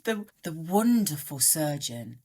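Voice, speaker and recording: Low-pitched woman chatting on a podcast, voice swings all over. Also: slow pace. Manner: animated, voice jumping up and down in pitch. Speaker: guest coach. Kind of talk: candid podcast conversation.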